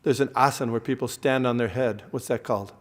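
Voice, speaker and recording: A man's voice: mid-range voice, steady tone, fast. Man teaching a devotional class in a reverberant hall. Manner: explains terms, quizzes the audience, frequent fillers and restarts.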